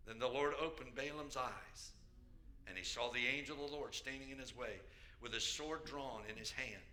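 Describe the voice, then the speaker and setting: A man pastor preaching a sermon, storytelling with jokes and sudden loud bursts. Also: mid-range voice. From United States.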